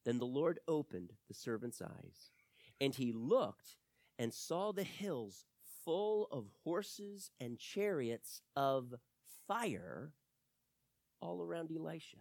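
A preacher delivering a sermon, telling a Bible story in an animated, emphatic way, swinging between loud highs and quiet lows. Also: slow pace, creaky, no echo.

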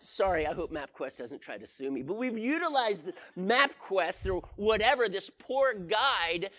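A man's voice: sits high, very animated, a little slow, few pauses, pushed and bright. A man giving a conversational sermon as a preacher, telling stories and putting questions to his audience. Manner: storytelling, asks the audience questions.

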